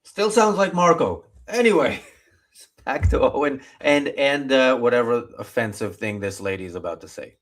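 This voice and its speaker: A male host holding forth on current affairs in a casual commentary chat. He talks with strong opinions, often pausing on "uh" before pressing on. His voice sits at an everyday middle pitch. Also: animated. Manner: opinionated, halting with many fillers.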